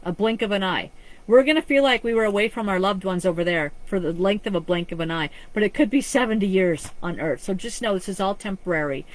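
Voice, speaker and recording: A woman's voice: medium pitch, fast, poor audio. A woman psychic medium giving a live-streamed reading, talking in an earnest, rambling way with frequent restarts. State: choked up with emotion.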